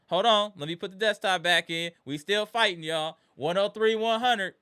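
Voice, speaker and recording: Bright-voiced man hosting a live sports reaction. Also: high-pitched, normal speed, smooth. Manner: greets chat viewers by name, swings between weary muttering and heated ranting. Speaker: live-stream host.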